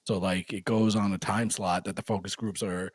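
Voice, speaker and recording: A man's voice: deep voice, level tone, normal speed, slightly rough, no echo. A man co-hosting a podcast in casual chat, explaining things in a rambling way full of fillers. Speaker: podcast co-host.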